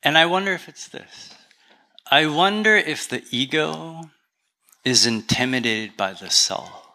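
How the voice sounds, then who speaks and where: A Canadian-accented pastor preaches a sermon as relaxed, conversational storytelling with bits of humor. His voice sits a little high, and he keeps a measured pace.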